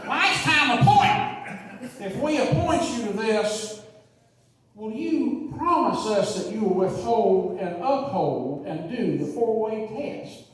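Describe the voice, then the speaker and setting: A sly, folksy senator who speaks in a slow, halting drawl, pretending to be confused, as a man puts him on. The voice sits fairly high. It sounds roomy and distant, as if heard across a large hall. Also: animated. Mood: folksy questioning. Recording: echoey hall, voice from far off.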